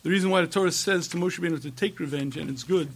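A middle-aged man giving an impassioned religious lecture, emphatic and repetitive, with rhetorical questions and frequent throat-clearing. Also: fairly high pitch, very fast. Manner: emphatic, rhetorical questions, repeats phrases for force. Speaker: rabbi giving a talk.

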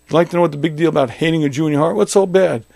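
Gravelly, emphatic rabbi giving a lecture. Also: male voice, a little high, very fast, darkish tone, dry recording. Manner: emphatic, repeats phrases, acts out imagined objections. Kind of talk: Torah lecture.

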